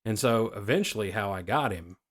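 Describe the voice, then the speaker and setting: A man's voice: on the low side, brisk. A middle-aged man telling profane stories in a casual podcast chat. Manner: profane, animated storyteller. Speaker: podcast co-host.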